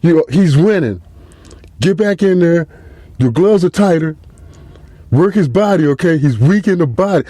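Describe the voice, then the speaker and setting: Guy doing a loud bossy boxing coach, high and shouty, bulldozes everyone. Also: expressive, normal speed, pauses often, dry recording. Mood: pushy. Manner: shouting, brash, domineering.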